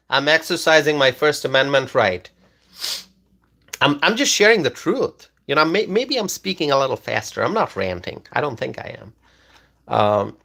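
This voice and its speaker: Man, slightly high voice, political livestream host, insistent, repeats himself, lots of uh and um. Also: sharp tone. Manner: insistent, repeats phrases, many fillers. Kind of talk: livestream commentary reading chat comments.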